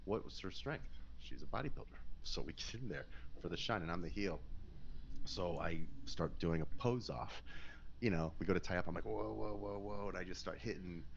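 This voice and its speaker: Deep-voiced man telling wrestling stories. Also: normal speed, gravelly, lo-fi sound, a little hiss or hum. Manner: animated, swearing, acts out quotes. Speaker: podcast guest, former pro wrestler. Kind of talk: casual storytelling.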